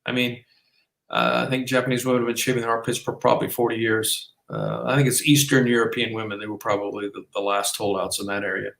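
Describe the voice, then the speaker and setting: A man's voice: lowish voice, little pitch movement, fast talker, creaky, a bit bright. Rambling man podcasting in an echoey room. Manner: rambling, with frequent restarts and filler. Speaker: podcast co-host. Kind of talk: casual conversational podcast. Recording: roomy echo.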